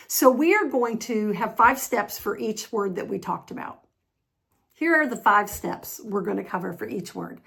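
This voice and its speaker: Woman, American accent, pronunciation tutor, patient, slow demonstrations, slightly high voice, gravelly. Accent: General American. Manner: patient, upbeat, demonstrates sounds slowly and repeatedly. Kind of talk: online pronunciation lesson.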